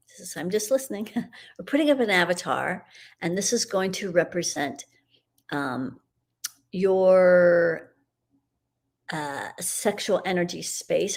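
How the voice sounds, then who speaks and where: A middle-aged woman hosting a live broadcast and leading a guided energy clearing in a meandering, soothing, spiritual way. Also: lowish voice. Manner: meandering, spiritual, soothing, with soft laughs and fillers.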